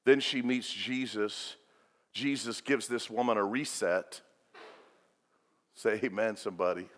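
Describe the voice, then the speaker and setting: A man preaching a sermon as pastor, swinging between loud and hushed delivery. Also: lowish voice, unhurried, a little hiss or hum. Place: church sanctuary. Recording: long reverb of a large hall.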